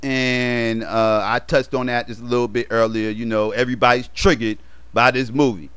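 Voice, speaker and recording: A man giving a heated, profane rant in a movie review vlog, repeating himself emphatically and building to shouts. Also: mid-range voice, little pitch movement, moderate pace, smooth.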